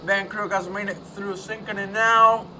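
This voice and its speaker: A man doing live commentary on a sim race, excitable and swinging from quiet asides to loud outbursts. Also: high voice, measured pace, far from the mic, background noise.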